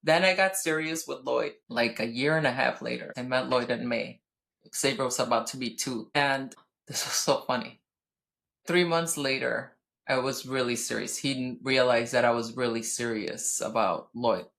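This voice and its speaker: A woman in her thirties co-hosting a podcast, telling a personal story in casual chat, blunt and profane, with animated outbursts. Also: very deep voice, moderate pace, gravelly. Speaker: podcast co-host.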